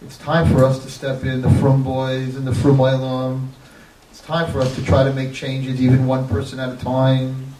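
A man's voice: mid-range voice, completely flat delivery, normal speed, mellow, slight background noise. A man preaching an impassioned sermon that builds into crying pleas. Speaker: rabbi. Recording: echoey, distant mic, faint ambience.

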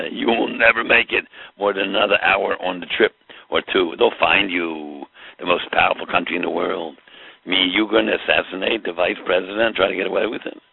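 A man's voice: deep voice, steady tone, brisk, vocal fry, husky, no room sound. A man teaching a Torah class, explaining with rhetorical questions and mixing in Hebrew terms. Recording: tinny phone-like line.

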